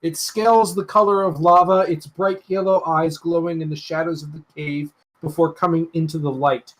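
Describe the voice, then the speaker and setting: A game master narrating a tabletop role-playing game in a measured, descriptive way. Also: medium pitch, fairly even intonation.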